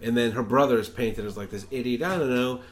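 Male co-host, mid-pitched, laid-back, chatty recaps with the odd curse. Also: fast. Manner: relaxed, chatty recapping with mild swearing. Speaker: podcast co-host. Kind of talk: casual chat.

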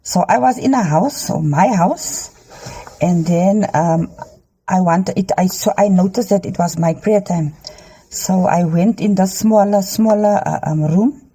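A middle-aged woman recording herself on a handheld phone inside a car, earnestly sharing a dream with halting ums and preachy urging. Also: medium pitch, warm tone, slightly rough. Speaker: Christian dream sharer. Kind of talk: earnest testimony to a phone camera.

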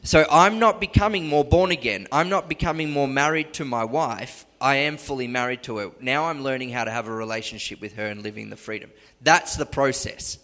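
A man preaching a sermon in an animated, conversational way, often restarting sentences. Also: medium pitch, a little fast, hardly any pauses, long reverb tail.

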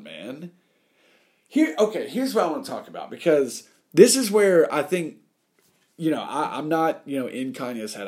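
Brief: man, casual opinion podcast, very animated delivery, wide pitch swings, acts out quotes.

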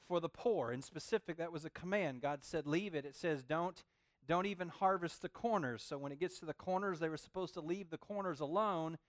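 A man preaching a sermon to a young crowd in an informal, animated way, often asking "okay?" and calling them guys. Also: a little high, clean tone, no echo, studio quality.

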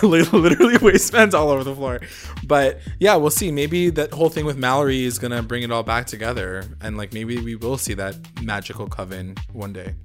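A man's voice: mid-range voice, a little fast, faint music behind. A man co-hosting a casual TV recap podcast, loose and chatty with many fillers and some swearing. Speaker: podcast co-host.

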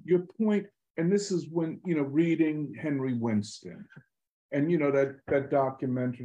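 A man talking politics in an animated, emphatic way, full of street slang and swearing. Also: mid-range voice, normal speed, roomy sound, poor audio. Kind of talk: political conversation.

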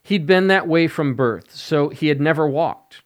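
A man preaching as an evangelist on a podcast, slow and emphatic, stressing key words. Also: on the high side. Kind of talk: podcast sermon.

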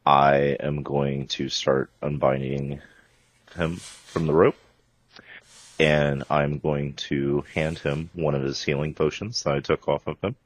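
A man playing a character in a tabletop game, speaking haltingly and correcting himself. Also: extremely low pitch, little pitch movement. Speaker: player. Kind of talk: tabletop role-play. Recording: dull, lo-fi mic.

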